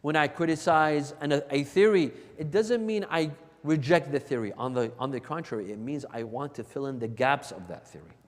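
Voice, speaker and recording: A man delivering a sermon with a fairly high voice. He drives his points home by restating them. A long hall reverb trails each phrase. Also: normal speed. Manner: emphatic and repetitive, restating points for stress. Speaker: religious lecturer. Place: large hall of a religious center.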